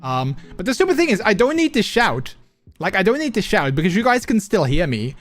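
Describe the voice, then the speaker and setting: A man's voice: sits high, big pitch swings, a little fast, no echo, soft background music. A man livestreaming and chatting casually with his viewers, rambling with many fillers and restarts on a close microphone. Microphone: close desk microphone.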